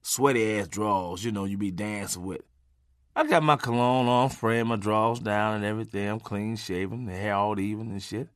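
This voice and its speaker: A man telling a comic story from his own life, animated and profane, swinging from loud bursts to low asides. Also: moderate pace, smooth, no room sound, studio quality.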